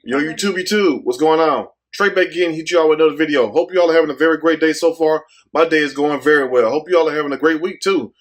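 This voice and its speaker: A man's voice: a little high, quick pace, few pauses. Joking, profane man hosting a commentary video. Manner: joking, profane, talks straight to viewers. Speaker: YouTube commentary host. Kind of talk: casual commentary rant.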